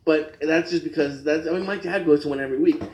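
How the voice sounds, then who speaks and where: A man's voice: on the high side, fast, roomy sound, slight background noise, rough recording. A man co-hosting a podcast who chats casually and explains things in a laid-back way. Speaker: podcast co-host. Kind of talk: casual chat.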